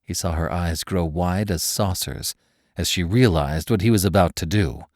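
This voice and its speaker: A man narrating a thriller audiobook in a measured, dramatic storytelling manner. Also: low voice, a little mellow, no echo, clean studio sound.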